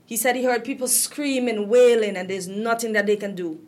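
A woman's voice: a little high, fairly even intonation, normal speed. A woman from Guyana with a Guyanese accent, talking in a casual, impassioned and indignant way. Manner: impassioned and indignant, voice rising with upset. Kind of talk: emotional casual talk.

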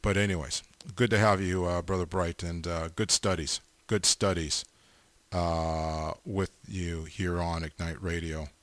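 Close to the mic, a middle-aged radio host gives casual shout-outs to listeners, full of fillers and repeated amens. His voice is low and steady, his pace measured, and the recording dry.

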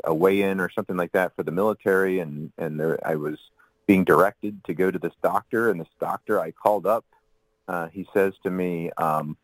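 Deep-voiced male guest, loose and chatty, circles back with asides. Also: no echo, rough recording. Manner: rambling, with many fillers and asides. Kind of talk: casual explanatory talk.

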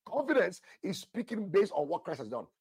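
A man preaching an emphatic, animated sermon, praying in tongues, repeating phrases and calling listeners "sir". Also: high-pitched, a little fast, slightly rough, dry recording.

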